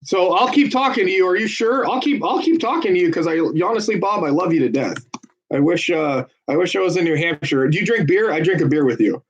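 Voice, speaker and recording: With a high, expressive voice that has a breathy edge, this phone bank volunteer talks a little fast as he makes calls on a casual livestream. He jokes with callers and viewers in a salesman-like, persuasive way, over dull, lo-fi sound.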